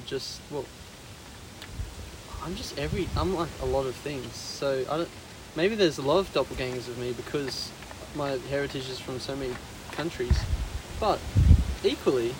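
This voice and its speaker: Rambling man over loud outdoor hiss. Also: a little high, moderate pace, pauses often. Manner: rambling, thinking aloud with restarts. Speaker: podcast co-host. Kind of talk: casual chat.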